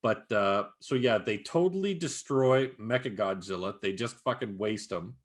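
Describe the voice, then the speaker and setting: A man's voice: fairly low pitch, moderate pace. A man co-hosting a casual podcast, swearing a lot and acting out movie scenes as he retells them. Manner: animated, swears constantly, acts out movie scenes. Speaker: podcast co-host. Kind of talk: casual chat.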